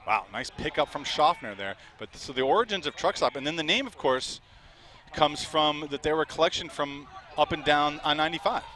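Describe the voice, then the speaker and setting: A man doing live play-by-play commentary, chatty and quick to laugh, with an outdoor crowd behind him. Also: a little high, expressive, sharp tone.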